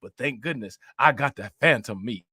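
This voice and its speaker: A man's voice: mid-range voice, moderate pace, sharp tone, breathy edge, dry recording, clean studio sound, pitched below the performer's own voice. A man mimicking a bossy, demanding woman.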